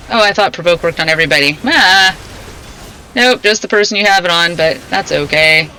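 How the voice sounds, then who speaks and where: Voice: medium pitch, sharp tone, rough recording. A streamer in casual let's-play commentary, playful and chatty, reading game lines aloud between remarks.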